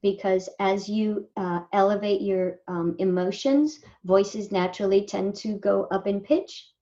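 A woman voice actor from Southern California talking casually in an interview, animated and quick to mimic people. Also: mid-range voice, dull audio. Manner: animated, slips into lively mimicry of others. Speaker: voice actor guest.

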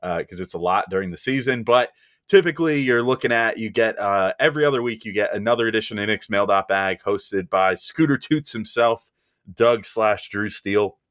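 Recorded clean in a studio with no room sound, this podcast host jokes and wanders from topic to topic, laughing freely. He has a fairly low, fairly bright voice and speaks at a moderate pace.

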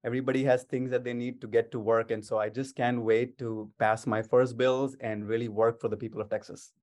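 A man's voice: medium pitch, little pitch movement, brisk, a little mellow. A man, a state legislator, answering interview questions over a video call in an upbeat, eager way, with many restarts.

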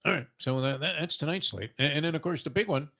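A man's voice: on the high side, fast talker, bright, forceful tone. A man hosting a sports betting talk show, rambling with many fillers and emphatic lifts.

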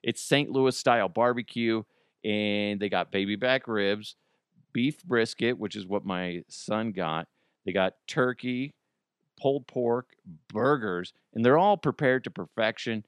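A man in his thirties, hosting a radio show in casual chat, telling stories with animated put-on quotes and reading an ad. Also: fairly low pitch, unhurried, smooth, no room sound, clean studio sound. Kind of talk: casual chat and live-read ad.

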